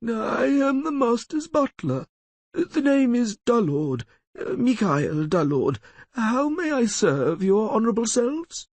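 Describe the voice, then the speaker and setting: A man voicing a man pretending to be a squeaky, dim-witted butler who stammers with "uh". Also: sing-song, takes it slowly, a little mellow, no echo, full character voice. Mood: simpering. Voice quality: squeaky, hesitant with uh. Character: half-witted squeaky male butler, a disguise.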